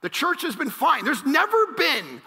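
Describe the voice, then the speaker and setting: A male pastor preaching a sermon, energetic and joking, now and then bursting into shouts. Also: very high-pitched, normal speed, gravelly, big-room sound. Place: large church auditorium.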